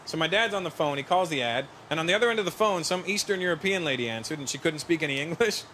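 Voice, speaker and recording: A man performing a stand-up comedy set, telling stories with lively delivery and putting on voices. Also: fairly high pitch, fast. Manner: animated storytelling, doing voices of parents and strangers. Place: large venue with a laughing audience. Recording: live show with loud crowd laughter and noise.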